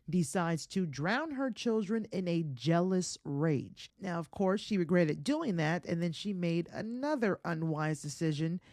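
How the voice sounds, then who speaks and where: A woman hosts a comedy podcast, retelling a legend in a loose, profane, chatty way. She speaks in a lower voice in a very dry, close-sounding room. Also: darkish tone, no echo. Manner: profane, chatty, laughs often at her own jokes. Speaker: podcast host.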